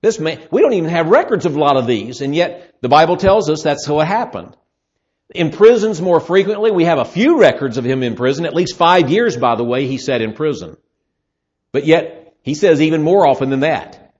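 Male preacher, fairly high voice, animated sermon delivery, muffled lo-fi recording. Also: normal speed. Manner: lively, acts out voices in Bible scenes.

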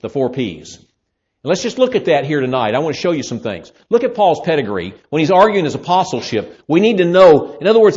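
Lively preacher with lo-fi sound. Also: male voice, medium pitch. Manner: lively, acts out voices in Bible scenes. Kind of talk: sermon. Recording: muffled lo-fi sermon recording.

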